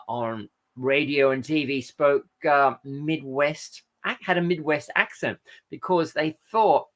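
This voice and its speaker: A man's voice: mid-range voice, fairly bright tone. A man hosting a live stream, chatting casually and reading out viewer comments, rambling and often correcting himself mid-sentence. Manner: rambling, frequent self-corrections and fillers. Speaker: host.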